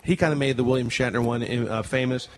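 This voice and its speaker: A man's voice: medium pitch, fairly even intonation, fairly quick, darkish tone, a little hiss or hum. A man co-hosting a podcast in casual chat, rambling and listing examples. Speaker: podcast co-host.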